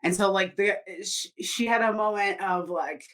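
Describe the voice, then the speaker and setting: Woman, podcast co-host, lowish voice, rambling casual storyteller who swears a lot. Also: normal speed, few pauses, a bit bright. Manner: rambling, filler-heavy, swears freely.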